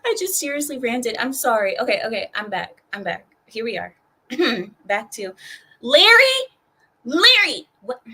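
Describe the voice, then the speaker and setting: A woman's voice: fairly high pitch, expressive, normal speed, husky, rough recording. Sarcastic ranting young woman streamer. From California. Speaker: streamer and host. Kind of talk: ranting news commentary.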